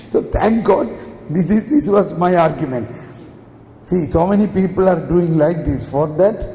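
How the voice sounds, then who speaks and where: A male preacher, giving an animated sermon in a storytelling way and asking the audience questions. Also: high voice, unhurried. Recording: echoey hall with long reverb, faint ambience.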